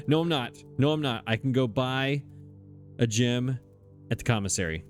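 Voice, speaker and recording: A man's voice: medium pitch, normal speed, faint music behind. A man commenting on his own gameplay, flustered and exasperated, talking to himself. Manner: frustrated, exasperated, talks to himself. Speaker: let's play gamer.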